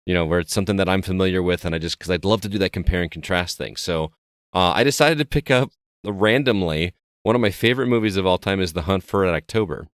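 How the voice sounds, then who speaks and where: A man co-hosts a casual podcast, wandering through an anecdote and restarting his sentences as he goes. His voice sits very low, and the recording is dry with no room sound. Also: clear, resonant tone, no room sound. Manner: rambling, storytelling, frequent restarts. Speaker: podcast co-host. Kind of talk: casual chat.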